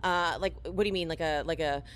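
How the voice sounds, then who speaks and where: A woman's voice: low-pitched, fairly quick. A woman co-hosting a casual chat, animatedly retelling scenes and acting out the quotes. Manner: animated storytelling, acts out quotes. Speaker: podcast co-host. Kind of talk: casual chat recapping a reality show.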